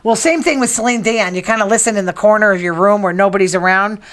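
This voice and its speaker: A woman's voice: medium pitch, quick pace. Chatty opinionated middle-aged woman host. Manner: chatty, opinionated, teasing asides to people in the room. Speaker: podcast host. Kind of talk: casual news and gossip chat.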